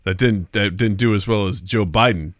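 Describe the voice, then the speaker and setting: A man's voice: fairly low pitch, moderate pace, dry recording, studio quality. A man from Missouri, hosting a podcast in loose, rambling, jokey chat full of filler words. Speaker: podcast host.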